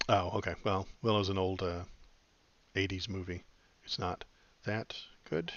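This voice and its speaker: A man's voice: sits low, fairly even intonation, a little slow, a bit bright, muffled recording. A man hosting a podcast in casual chat, rambling and wry with lots of fillers. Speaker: podcast host.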